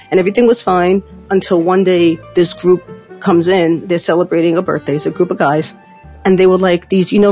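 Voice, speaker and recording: A woman in her late fifties spins a personal tale in a loose, conversational way, scattering "like" and "you know" as she goes. Her delivery stays animated and lively, and faint music hums behind her. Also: on the low side. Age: 50s. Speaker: storyteller. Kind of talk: personal story told on stage.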